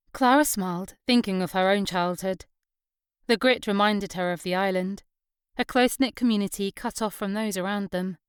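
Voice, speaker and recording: A woman's voice: mid-range voice, smooth, no room sound, clean studio sound. A woman narrating an audiobook. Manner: gentle storytelling, giving characters light voices. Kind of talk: scripted narration.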